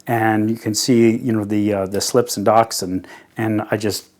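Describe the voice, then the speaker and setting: A man with a low voice reminisces wistfully. He speaks haltingly, pausing and restarting. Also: flat delivery, darkish tone. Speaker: interviewee.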